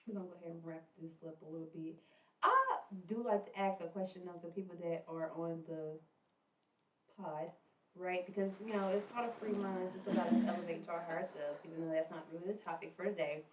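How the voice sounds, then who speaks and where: A laid-back woman hosting a podcast, with a fairly low voice. She sits back from the mic, and the room around her is echoey. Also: fairly quick, far from the mic, a little hiss or hum. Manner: laid-back, encouraging, slangy. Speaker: podcast host. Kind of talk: casual podcast chat.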